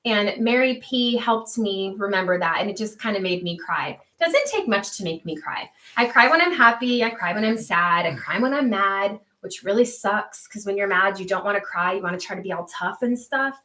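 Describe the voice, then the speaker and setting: A woman's voice: mid-range voice, lively intonation, moderate pace, hardly any pauses, bright, forceful tone. A woman hosting a homestead livestream, chatting earnestly and reading viewer comments aloud, laughing easily.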